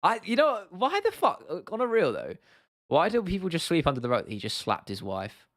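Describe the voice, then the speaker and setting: A man's voice: high-pitched, wildly swooping pitch, brisk, fairly bright tone, no echo, clean studio sound. A young man hosting a casual livestream and answering viewers, blunt and opinionated, swearing freely and often restarting his sentences. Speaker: livestream host.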